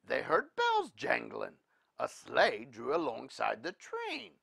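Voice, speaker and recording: A man reading a storybook aloud in an animated, expressive way. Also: medium pitch, slow pace, creaky, no room sound, studio quality.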